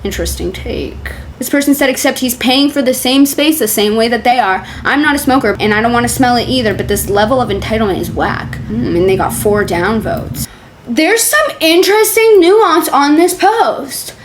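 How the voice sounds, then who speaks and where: A young woman talks in a chatty, sarcastic way, reading posts aloud and commenting on them with loose, swearing humor. Her voice sits a little high. Faint room ambience hums behind her. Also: fairly quick, few pauses, slight background noise. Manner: chatty, sarcastic, swears freely, laughs often. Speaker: streamer reacting to forum posts.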